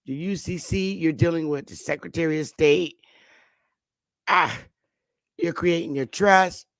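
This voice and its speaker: A woman's voice: deep voice, measured pace, no room sound, studio quality. A woman hosting a casual morning talk show, rambling and blunt, with frequent swearing.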